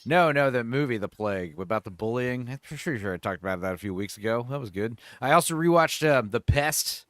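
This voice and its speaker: A man hosting a casual chat show, talking about films in a rambling, animated way with lots of fillers and laughs. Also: mid-range voice, brisk, few pauses. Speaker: host.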